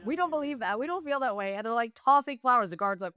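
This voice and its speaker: A woman panelist on a news show, chatting casually in a gushing, animated way, full of "like" fillers. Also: on the high side, fast talker, no room sound, clean studio sound. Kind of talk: casual chat.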